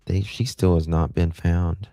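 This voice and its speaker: A man's voice: low-pitched, fairly even intonation, a little slow, gravelly, dark tone, dry recording, clean studio sound, soft background music. A man hosting a casual livestream. He rambles in a chatty way and talks back to viewers' comments. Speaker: livestream host.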